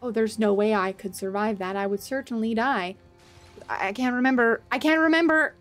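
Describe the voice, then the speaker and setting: A woman streaming a game, chatting to her viewers in a flustered, self-mocking way, with loud panicked outbursts and casual swearing. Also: on the high side, brisk. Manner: swears casually, talks to chat. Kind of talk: casual gameplay commentary. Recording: faint game music behind.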